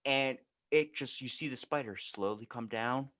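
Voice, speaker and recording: A man's voice: mid-range voice, normal speed, fairly bright tone. A man hosting a podcast, telling a rambling anecdote in casual chat and laughing along. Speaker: podcast host.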